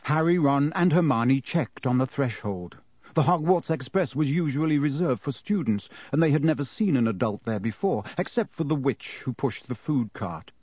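Male narrator, animated storybook reading, dry close mic. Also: mid-range voice, moderate pace, breathy edge, no echo. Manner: expressive storytelling delivery. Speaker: audiobook narrator. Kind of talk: scripted narration.

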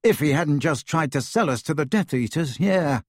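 Man doing a teenage boy wizard, blunt, casual, lively pitch, husky. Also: normal speed, dry recording, clean studio sound. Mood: casual, arguing.

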